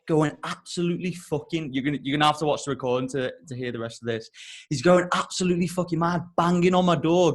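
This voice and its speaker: A young man on a podcast, telling a comic story with heavy swearing and loud, exasperated outbursts. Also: a little high. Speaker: podcast co-host.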